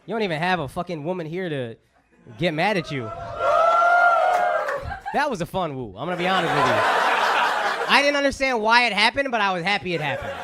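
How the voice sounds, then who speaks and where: A man's voice: high-pitched, very animated, a little fast, long pauses, very noisy. Brash profane man doing stand-up. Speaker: stand-up comedian. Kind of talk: stand-up set. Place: live comedy club. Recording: echoey club with loud crowd.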